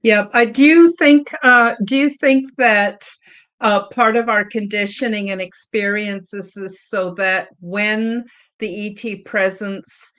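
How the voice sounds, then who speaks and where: A woman hosts an interview podcast at a middle pitch. She listens attentively and murmurs her agreement often. Her questions are long and searching. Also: steady tone, slow, a bit bright. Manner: attentive, frequent affirming murmurs. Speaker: podcast host. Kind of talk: interview hosting.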